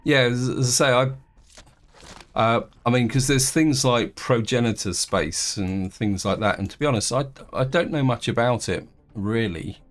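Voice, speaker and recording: A man's voice: mid-range voice, normal speed. A man giving casual, rambling commentary while playing a space game, with frequent restarts and fillers. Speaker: gaming video host. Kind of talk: casual let's-play commentary.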